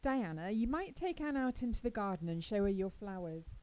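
A woman's voice: medium pitch, sing-song, moderate pace, darkish tone, a little hiss or hum, lightly acted, poor audio. A woman voicing a strict, proper middle-aged mother who is cordial but firm.

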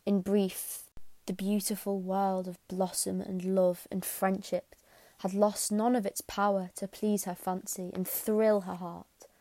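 A woman reading a classic novel aloud in a quiet, measured way, sometimes sinking to a whisper. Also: medium pitch, level tone, no room sound. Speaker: audiobook narrator. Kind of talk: scripted narration.

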